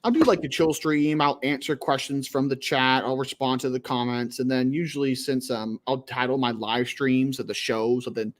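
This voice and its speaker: A man's voice: mid-range voice, fairly even intonation, normal speed, few pauses. A man hosting a livestream, chatting casually in a rambling way full of crude jokes. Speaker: livestream host.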